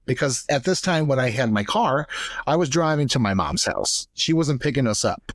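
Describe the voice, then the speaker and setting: This podcast co-host, a young man, has a mid-range, sing-song voice at normal speed, recorded dry with clean studio sound. He shares a painful family story candidly and emotionally, voicing the people he quotes.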